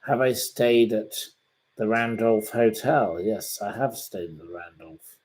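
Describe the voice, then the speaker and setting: A man's voice: on the low side, unhurried, a little mellow. A man from Derbyshire, hosting a casual livestream and answering viewers' questions in a rambling way with dry put-downs. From England, Derbyshire. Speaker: livestream host reading viewer comments.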